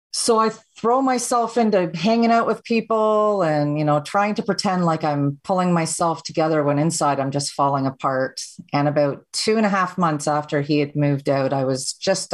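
A Canadian woman speaks as a podcast guest, telling her own story in a plain, steady, candid way. Her voice sits deep for a woman. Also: normal speed. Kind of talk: personal storytelling.

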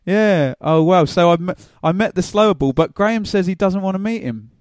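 A man's voice: sits high, animated, brisk, darkish tone, no room sound, studio quality. A man from England co-hosting a casual football podcast, telling anecdotes with easy laughter. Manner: chatty storyteller, laughs through anecdotes. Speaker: podcast co-host.

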